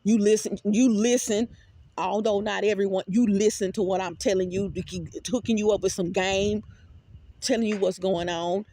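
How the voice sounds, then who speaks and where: A woman talks straight to her viewers in an unscripted, rambling monologue. She is animated and emphatic, circles back over her own words, and swears without a second thought. Her voice sits in a middle pitch and sounds dry and close, with no room echo. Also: moderate pace. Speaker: vlogger.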